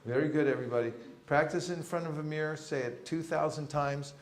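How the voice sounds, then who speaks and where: Man teaching a lively seminar in an echoing hall. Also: on the high side, brisk. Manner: humorous, acts out street encounters. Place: temple hall with audience.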